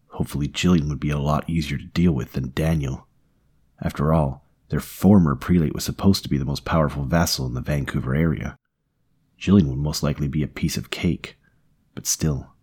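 Deep, husky male audiobook narrator. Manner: steady, measured storytelling. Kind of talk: scripted narration.

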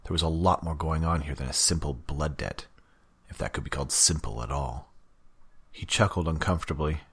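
Deep, husky male audiobook narrator. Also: moderate pace, a bit bright.

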